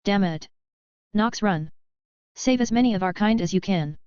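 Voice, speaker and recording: A woman's voice: mid-range voice, normal speed, darkish tone, clear, resonant tone, dry recording, natural voice. A woman voicing a loyal male wind spirit who speaks urgently and protectively, on slightly dull lo-fi audio.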